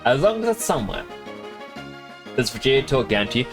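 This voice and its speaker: A young Australian man chatting on a live stream, his voice rising and falling a great deal as he rambles and laughs between thoughts. His accent is a loose Australian mix, and game music plays clearly underneath him. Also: medium pitch, very animated, brisk, low-quality recording. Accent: Australian, mixed. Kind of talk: casual live-stream chat.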